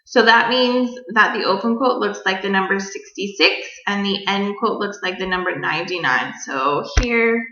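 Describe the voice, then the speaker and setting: A young woman teacher giving a recorded grammar lesson, explaining clearly and patiently to children. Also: mid-range voice, moderate pace, hardly any pauses, pushed and bright. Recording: dull echoey room recording.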